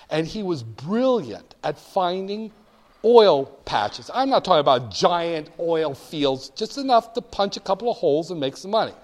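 An older man from the northern United States telling stories to an audience in an animated, emphatic, wry way. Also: high voice. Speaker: speaker addressing an audience. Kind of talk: storytelling talk.

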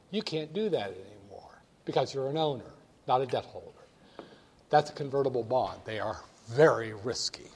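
A man giving a classroom lecture in an animated, joking way, talking directly to his students. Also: medium pitch, normal speed, slightly rough. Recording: long hall reverb.

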